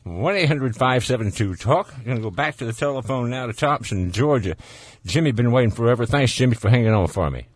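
A man's voice: mid-range voice, animated, a little fast, few pauses, breathy edge, no echo. A man with a Southern US accent hosting a call-in radio show, folksy and easygoing, laughing often. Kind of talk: casual call-in radio chat.

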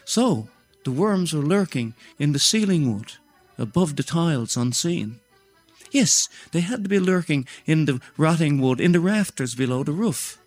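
An older man, a storyteller reciting a rhyming tale in a steady rhythm. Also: on the high side, measured pace, soft background music.

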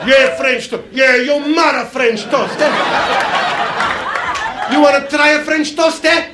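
A man's voice: very high-pitched, takes it slowly, a loud crowd, voice pushed up. A man voicing a cranky kitchen cook who barks threats and order calls, in a stand-up impression. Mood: yelling. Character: cranky shouting male short-order cook. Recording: noisy live club with audience laughter.

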